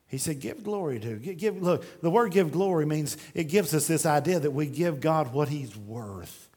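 A man preaching a passionate sermon, his fairly high voice climbing into ringing, urgent pleas and then dropping to a low, earnest hush. He reads scripture aloud in old-fashioned phrasing, with lively swings of pitch throughout. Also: moderate pace, few pauses, breathy edge. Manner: impassioned, swinging from shouted pleas to hushed intensity.

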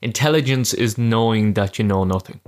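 Brief: male podcast host, low-pitched, relaxed and curious questioner. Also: moderate pace. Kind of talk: casual interview.

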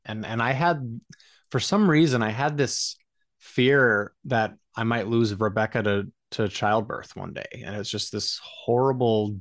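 A low-pitched man tells a family story in a relaxed podcast chat, earnest and reflective with a jokey streak. His voice sits close and dry on the mic. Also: dry recording. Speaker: podcast co-host, husband.

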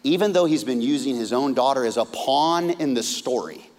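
A man preaching a sermon, retelling a story with lively, humorous asides and acted-out voices. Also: moderate pace. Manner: animated storytelling, acting out characters with big pitch swings. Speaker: pastor. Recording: hall reverb.

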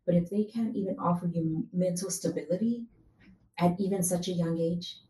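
A young woman with a lowish, warm, mellow voice tells stories animatedly and acts out what others said. The room around her is echoey, with a faint hum behind her. The talk is candid and casual. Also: moderate pace. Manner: animated storyteller, acts out quotes.

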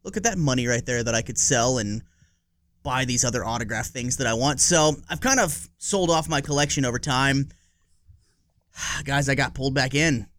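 A man's voice: mid-range voice, normal speed, fairly bright tone. A man in his forties co-hosting a podcast, chatting casually in a rambling, profane way and laughing easily. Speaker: podcast co-host. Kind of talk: casual chat.

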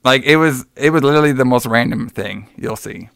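A man's voice: mid-range voice, a little fast, vocal fry, a bit bright, dry recording, clean studio sound. A man hosting a podcast, retelling a show in a rambling, laughing, swearing chat. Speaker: podcast host.

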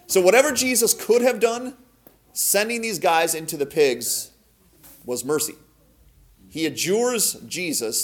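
A man with a slightly high voice gives a casual Bible teaching as a podcast host. He talks to his listeners directly, tosses them rhetorical questions and leans hard on key words before dropping quiet again. His delivery stays lively and conversational. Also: moderate pace. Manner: emphatic, swings between loud and soft.

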